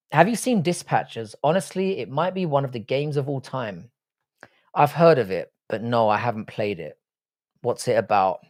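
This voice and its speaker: A man's voice: mid-range voice, darkish tone. A young man, Irish but raised in London, with a London accent, casually hosting a live stream and answering chat in a blunt, sardonic, sweary way. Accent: London English. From Ireland, raised in London. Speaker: livestream host reading chat.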